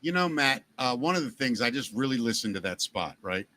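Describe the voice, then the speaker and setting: A man with a Baltimore accent hosting a podcast, telling jokey stories in a lively, animated way. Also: mid-range voice, brisk, faint music behind. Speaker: podcast host. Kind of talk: casual chat.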